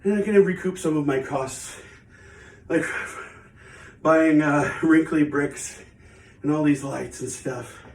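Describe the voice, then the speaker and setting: A breathless man chats in a rambling, self-mocking way while he works out. His voice sits a bit high for a man. It comes from some distance in an echoey home studio. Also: slow pace, pauses often, darkish tone. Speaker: channel host. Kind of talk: casual vlog talk while exercising. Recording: echoey room, away from the mic.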